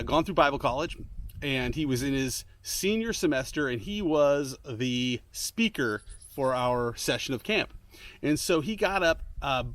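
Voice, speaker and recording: A man's voice: fairly bright tone, no room sound. A man giving a casual devotional talk as a ministry speaker, telling a story earnestly with restarts and fillers and pressing his points with emphasis. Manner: emphatic, rising to urgent high points.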